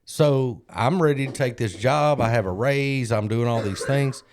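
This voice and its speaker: A man's voice: medium pitch, moderate pace, noisy background. A man, co-hosting a podcast and telling a candid, self-deprecating story in casual chat. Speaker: podcast co-host.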